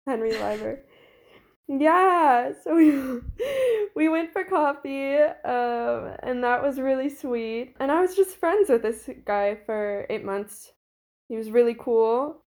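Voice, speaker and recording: Chatty young woman, bright lilt. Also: high-pitched, lively intonation, takes it slowly. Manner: chatty, frequent "like" fillers and laughter. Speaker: podcast guest. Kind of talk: casual storytelling.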